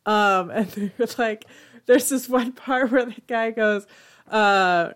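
A woman's voice: medium pitch, normal speed. A woman co-hosting a podcast in a casual chat, talking chattily with lots of filler. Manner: chatty, lots of likes and ums. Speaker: podcast co-host.

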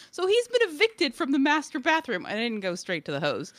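Bright, blunt, swearing woman co-host. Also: a little high, sing-song, no room sound, clean studio sound. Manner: blunt, swears freely, quick storytelling. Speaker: podcast co-host. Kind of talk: casual chat.

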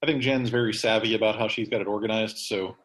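A man's voice: lowish voice, steady tone, fast, reverberant, poor audio. A man hosting a podcast in casual chat, rambling with many fillers and restarts. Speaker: podcast host.

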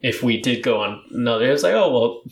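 A young man chatting casually as a podcast guest, telling a rambling, animated story full of fillers. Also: medium pitch, quick pace, gravelly. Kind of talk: casual chat. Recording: roomy echo.

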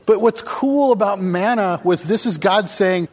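A man's voice: high voice, unhurried, hardly any pauses, a little mellow. Man preaching casually in a reverberant hall. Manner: conversational, asks the congregation questions. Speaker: pastor. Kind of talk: casual sermon.

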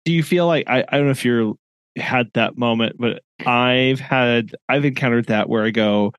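A man's voice: mid-range voice, normal speed, fairly bright tone, clear, resonant tone, no echo. A man co-hosting a podcast, talking hesitantly in casual chat and searching for words. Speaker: podcast co-host.

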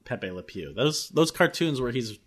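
A man's voice: medium pitch, big pitch swings, normal speed. A man on a casual podcast panel over a video call, thinking aloud with hesitant asides.

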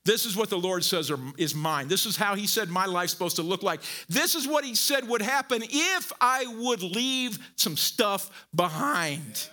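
A man preaching a sermon as pastor, animated and conversational, swinging from low quiet phrases to loud emphatic peaks with folksy asides. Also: measured pace, hardly any pauses.

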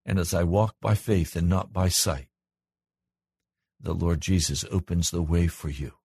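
Husky-voiced man preaching a sermon. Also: measured pace, a little mellow. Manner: earnest, rises in pitch and volume when stressing a point. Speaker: pastor.

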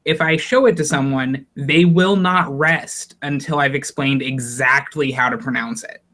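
Bright-voiced man making a point. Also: medium pitch, steady tone, a little slow. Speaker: podcast co-host. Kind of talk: casual chat.

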